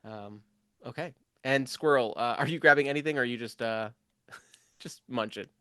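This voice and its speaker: A man running a tabletop game as game master, talking with many ums and quick asides. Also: medium pitch, sharp tone, clean tone, no echo, studio quality. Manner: rambling, lots of ums and asides.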